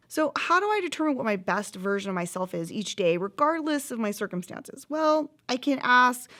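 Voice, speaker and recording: Earnest woman giving a self-help talk. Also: a little high. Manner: earnest, warm, animated with laughs. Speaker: course host.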